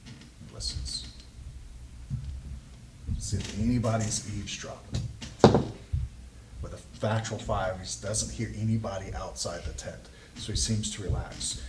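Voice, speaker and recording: A man narrating as game master in a tabletop game, halting and full of ums and restarts. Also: fairly low pitch, steady tone, noisy background. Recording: echoey room, mic far off.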